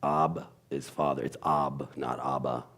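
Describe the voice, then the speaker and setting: Very deep-voiced man explaining Hebrew sounds. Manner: halting, searches for words with many ums, then animated when sounding out letters. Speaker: guest teacher. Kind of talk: explaining Hebrew letters in a conversation.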